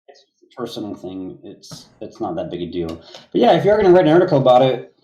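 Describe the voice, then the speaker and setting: A man's voice: mid-range voice, sing-song, quick pace, mellow, echoey room, highs cut off. A man co-hosting a casual commentary podcast, sarcastic and exasperated. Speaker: podcast co-host.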